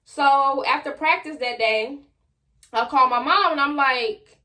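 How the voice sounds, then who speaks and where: Animated, bright-voiced young woman vlogger. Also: sits high, a little slow. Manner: animated, slangy, talks straight to viewers. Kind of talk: casual storytime monologue.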